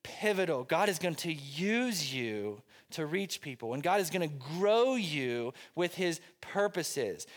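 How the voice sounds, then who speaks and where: Story-telling preacher in a reverberant hall. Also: male voice, sits high. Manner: conversational storytelling, self-deprecating humor. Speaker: pastor. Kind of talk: sermon with personal anecdote. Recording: long reverb of a large hall.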